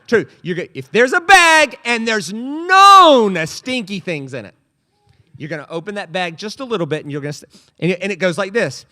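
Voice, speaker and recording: A man's voice: high voice, normal speed. A male pastor preaching a humorous sermon in a church, telling stories with playful comic voices. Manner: animated storytelling with comic voices. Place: church sanctuary.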